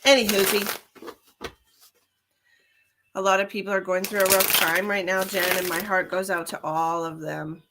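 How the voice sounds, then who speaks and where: A woman's voice: medium pitch, flat delivery, a little slow, long pauses, very noisy. A woman giving live-stream tarot readings, chatting with viewers and calling them honey and darling. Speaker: tarot reader.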